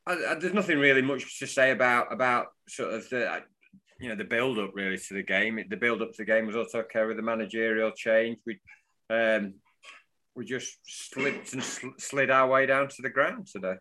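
A man's voice: mid-range voice, brisk, pushed and bright. A man co-hosting a football fan podcast, chatting in a playful way and laughing as he talks. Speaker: podcast co-host. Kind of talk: casual football fan chat.

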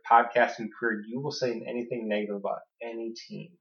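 A man co-hosting a podcast, chatting casually about fantasy football with dry, deadpan teasing. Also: medium pitch, fast. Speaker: podcast co-host. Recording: echoey room, dull lo-fi sound.

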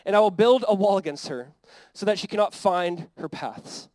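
An American man preaching with a fairly high voice, recorded close and dry with almost no room sound. His delivery is conversational and earnest, and he voices the scripture quotes as if the speakers were talking. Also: sing-song, normal speed, darkish tone, no room sound, rough recording. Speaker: pastor. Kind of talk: sermon.

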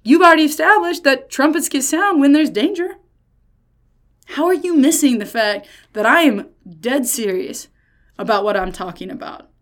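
A woman giving a casual Bible lesson, retelling stories in lively slang with playful voices. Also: sits high, normal speed. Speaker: Bible teacher.

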